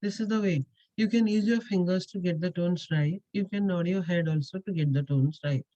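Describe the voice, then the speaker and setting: A woman's voice: fairly low pitch, moderate pace, dark tone, no room sound, lo-fi sound. A woman, a Chinese language teacher explaining step by step with patient repetition and frequent hesitations. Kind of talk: explanatory lesson with Q&A.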